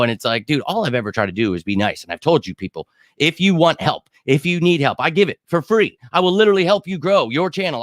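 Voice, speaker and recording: A man's voice: medium pitch, a bit bright, dry recording, studio quality. A man hosting his own football show, ranting heatedly and profanely in a casual livestream while answering viewers' chat. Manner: answers live chat comments. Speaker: sports show host.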